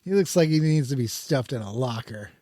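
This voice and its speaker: A man's voice: mid-range voice, lively intonation, a little fast, warm tone, dry recording. A man with a mid-range voice jokes and teases in a casual podcast conversation. He speaks plainly with a playful edge. The recording sounds dry and close. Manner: teasing, joking. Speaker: podcast co-host. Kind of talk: casual chat.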